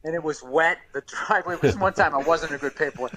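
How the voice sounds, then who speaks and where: A man with a somewhat high voice co-hosts a podcast. He spins an energetic anecdote and swears freely as he goes. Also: quick pace, a crowd in the background. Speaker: podcast host. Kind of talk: casual storytelling. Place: podcast studio.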